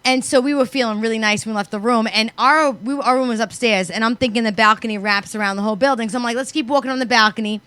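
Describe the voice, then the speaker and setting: A woman's voice: on the high side, quick pace, hardly any pauses, clear, resonant tone, dry recording. A brash woman from New York, co-hosting a podcast and telling profane stories in a casual chat. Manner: brash, profane, animated storyteller. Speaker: podcast co-host.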